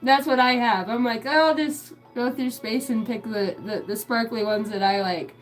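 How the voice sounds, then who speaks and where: Giggly, crude woman with a high voice. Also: steady tone, normal speed, soft background music, low-quality recording. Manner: crude, giggly, swears a lot. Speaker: livestream host. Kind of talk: rambling live-stream chat.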